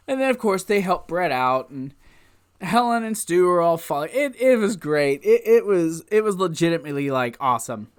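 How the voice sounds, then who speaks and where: A man giving a casual, rambling recap of an old wrestling event, easily excited and laughing often as he goes. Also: high voice, normal speed, smooth. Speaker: wrestling show reviewer.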